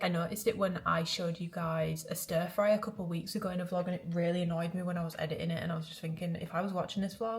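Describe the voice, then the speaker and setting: A young woman cooks in her home kitchen while chatting casually for a vlog filmed on a tripod camera, rambling and poking fun at herself. Her voice is fairly low pitched and slightly rough.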